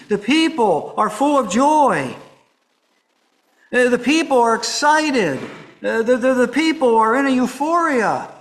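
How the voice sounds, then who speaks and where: A man preaching a sermon, walking through a scripture passage verse by verse, dropping to soft hushed lines and rising to emphatic ones. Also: very high-pitched, rough recording.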